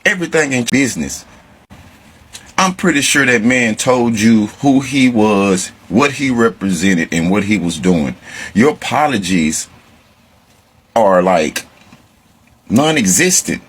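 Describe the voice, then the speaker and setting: Slow, husky man, indignant. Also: fairly low pitch, lively intonation. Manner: indignant, dismissive. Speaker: social media commentator. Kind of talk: casual reaction rant.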